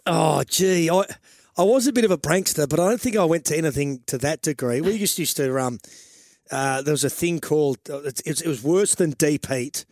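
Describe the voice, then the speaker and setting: A man's voice: a little high, moderate pace, darkish tone, no echo, studio quality. A middle-aged Australian man on sports radio, explaining football tactics in a rambling way and restarting his sentences as he goes. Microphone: studio microphone.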